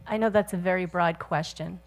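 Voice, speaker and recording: A woman's voice: on the low side, fairly even intonation, brisk, soft background music. A woman interviewer posing earnest questions to a guest.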